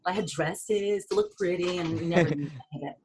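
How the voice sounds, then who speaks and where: A woman's voice: fairly low pitch, fast, a little hiss or hum. A middle-aged woman with a New York accent, telling set stories as an interview guest and acting out the voices. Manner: animated, acts out voices and screams. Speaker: actress guest. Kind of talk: storytelling interview.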